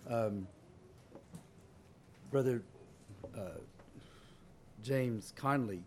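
A man preaching a sermon, emotional and fighting back tears at times, reading scripture in a measured cadence and building to fervent emphasis. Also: mid-range voice, a little mellow, slight background noise.

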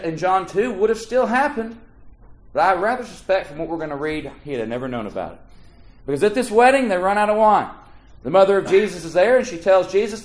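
A man in his thirties preaching a sermon, swinging between hushed low phrases and loud rising emphasis as he quotes scripture in old-fashioned wording. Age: 30s.

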